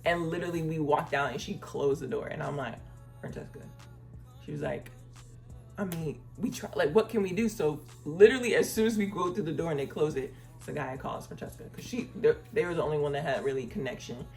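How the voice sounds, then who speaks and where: Woman, casual story time, lowish voice, lively retelling, faint music behind. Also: a little fast. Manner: animated storytelling, acting out quoted people; uses "y'all" and "girl" casually. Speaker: travel vlogger.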